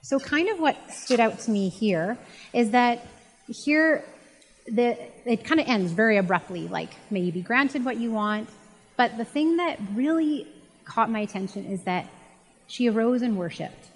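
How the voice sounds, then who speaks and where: A woman's voice: a little high, lively intonation, a little slow, breathy edge. A woman giving a casual, chatty Bible teaching and retelling the story in a conversational way. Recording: long reverb.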